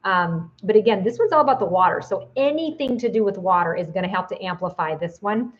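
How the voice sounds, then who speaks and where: A woman's voice: medium pitch, animated, a little fast. Chatty woman teaching, lo-fi sound. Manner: chatty, with many fillers and restarts. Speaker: psychic teacher. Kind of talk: casual video lesson.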